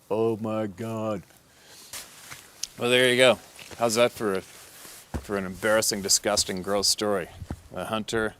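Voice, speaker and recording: A man's voice: deep voice, a bit bright, a little hiss or hum. Blunt, profane man telling a story. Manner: blunt and profane, with many "and then, uh" fillers. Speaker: hunting guide. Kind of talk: casual storytelling.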